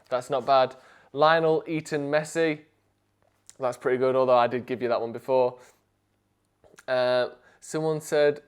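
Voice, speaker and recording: A young man hosting a casual live stream, joking and animated, sometimes rising to near shouts. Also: mid-range voice, smooth.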